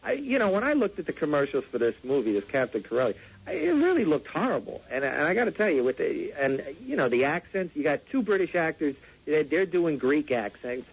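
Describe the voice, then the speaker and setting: Rambling, husky-voiced man on the radio. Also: on the high side, very animated, a little fast. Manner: rambling, stammering, laughs often. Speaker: radio movie reviewer guest. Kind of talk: casual radio banter. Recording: dull lo-fi radio broadcast.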